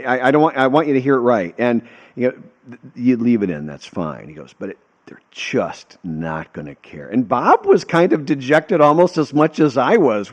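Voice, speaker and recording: A man's voice: on the low side, muffled recording. An American man hosting a casual storytelling monologue, talking in an earnest, heartfelt and rambling way. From United States. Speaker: host.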